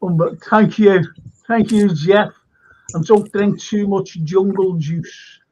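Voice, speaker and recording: A man hosts a live stream and reads viewers' comments aloud in an unhurried, chatty way. His voice sits a little high. The stream audio is dull and lo-fi. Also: fairly even intonation, darkish tone. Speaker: host.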